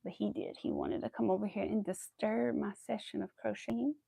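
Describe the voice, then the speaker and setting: Young woman chatting on a crochet stream, a bit gravelly, counting stitches under her breath, dry close sound. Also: mid-range voice, expressive, brisk, dark tone, no echo. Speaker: crochet livestreamer. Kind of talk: casual chat while crocheting on stream. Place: home. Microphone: clip-on mic.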